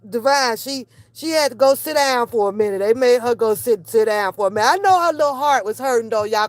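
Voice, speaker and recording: A woman's voice: fairly high pitch, no room sound. A woman hosting a reaction channel, ranting in casual, profane commentary and mimicking the people she talks about. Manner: animated, profane, mimics others.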